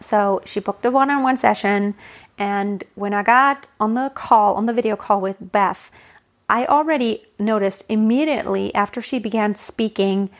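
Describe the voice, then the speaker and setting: A woman voice coach talking through a solo podcast episode, chatty and explanatory, often restarting mid-phrase. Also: mid-range voice.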